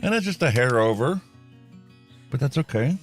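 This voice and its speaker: A man talking casually on a live stream, calmly explaining steps and asking curious questions. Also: medium pitch, moderate pace, faint music behind.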